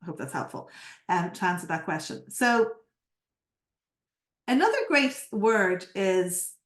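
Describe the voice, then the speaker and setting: Energetic woman coach in a roomy echo. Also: mid-range voice, measured pace. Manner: energetic, asks the audience rhetorical questions. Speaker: NLP coach and presenter. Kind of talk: live online presentation.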